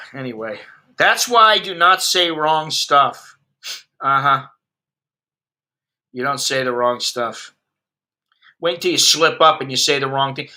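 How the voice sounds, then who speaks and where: A man in his fifties from the United States, an expat vlogger, rants bluntly and with plenty of profanity while chatting with livestream viewers. His medium-pitched voice is animated but slow, broken by long pauses, and sounds pushed and bright.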